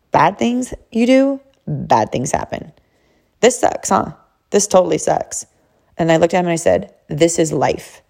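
A woman's voice: lowish voice, darkish tone. A woman in her thirties, a mother casually telling a story about her son in an emphatic, chatty way, often calling listeners "y'all".

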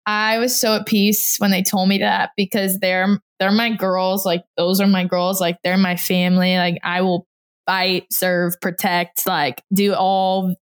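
A woman's voice: mid-range voice, little pitch movement, unhurried, clean tone. Chatty young woman telling a story. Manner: chatty, quotes people in little voices, laughs often. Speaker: guest. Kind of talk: casual chat.

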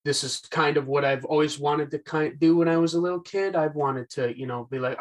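A man's voice: fairly high pitch, fairly even intonation, brisk, few pauses, low-quality recording. Young guy guesting on a podcast over zoom, casual, lots of ums, pokes fun at himself. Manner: chatty, self-deprecating, many fillers. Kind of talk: casual chat. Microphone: video call.

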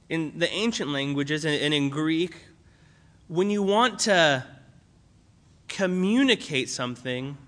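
A man's voice: on the high side, fairly bright tone. A young man preaching a sermon in a conversational way, with fillers and restarts as he explains a Bible passage. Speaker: pastor.

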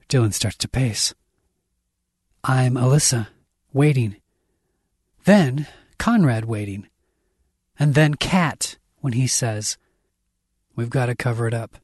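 A man reading a dark science fiction story aloud, intense and dramatic, raising his voice for the characters' shouts. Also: medium pitch, unhurried, pauses often, breathy edge, no echo, studio quality. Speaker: audiobook narrator.

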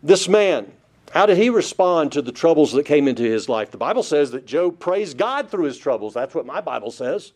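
A man with a fairly high-pitched voice preaches a Bible-study sermon. He is emphatic and keeps putting rhetorical questions to his listeners. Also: very animated, moderate pace, a little mellow. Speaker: pastor.

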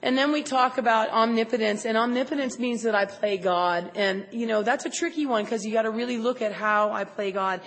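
Woman giving a lively personal testimony, higher register, long hall reverb. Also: a little fast, hardly any pauses. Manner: animated, acts out her own inner voice. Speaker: recovery meeting speaker. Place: large convention hall. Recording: echoey convention hall recording.

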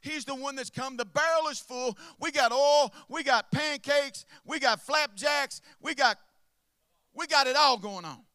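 A man preaching a sermon to a congregation, swinging from hushed asides to impassioned shouts and calling out to listeners by name. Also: extremely high pitch, unhurried, no echo. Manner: calls out to the congregation.

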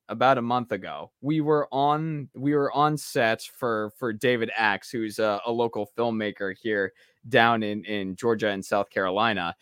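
A man hosting a podcast, asking questions in a halting way and repeating words as he goes. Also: medium pitch, fairly bright tone, dry recording, clean studio sound. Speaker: podcast host. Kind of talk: interview questions.

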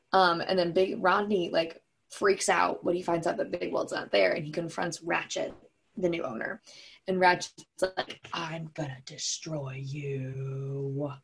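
Breathy woman chatting through a movie recap. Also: lowish voice, steady tone, normal speed. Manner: chatty, jokey, lots of "like" and fillers.

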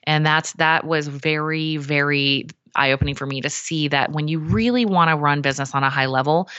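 A woman, a coach and guest, telling a story in a chatty, animated way with many fillers. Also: sits low, normal speed, clean tone, no room sound, dull audio. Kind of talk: casual storytelling.

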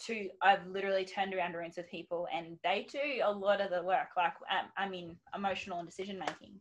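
A woman in her thirties talks casually on a podcast in a slightly low voice. She is chatty and relaxed, and her talk is full of "like" and "literally". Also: quick pace, lo-fi sound, a little hiss or hum. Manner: chatty, uses "like" and "literally" a lot. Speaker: professional declutterer.

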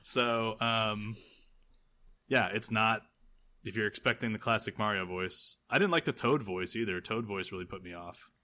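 A man's voice: fairly low pitch, normal speed, pushed and bright. Rambling man on a chat podcast. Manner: rambling, filler-heavy, laughs often. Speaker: podcast co-host. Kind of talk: casual chat.

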